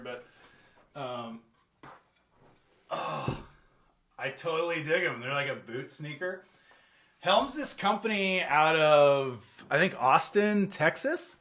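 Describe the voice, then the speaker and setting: A man's voice: medium pitch, sharp tone. A young man hosting his podcast while hungover, chatting loosely and joking at his own expense with lots of fillers. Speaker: podcast host. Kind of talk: casual rambling chat to camera.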